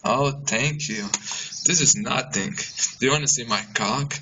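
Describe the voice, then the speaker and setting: A young man playing John, a crude and boastful guy who turns frantic and shouty, in an amateur film. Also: medium pitch, measured pace. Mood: smug. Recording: dull, noisy amateur audio.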